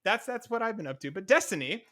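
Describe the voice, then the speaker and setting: A young adult man co-hosting a casual podcast, talking fast and animated, often cutting in over his co-host. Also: high voice.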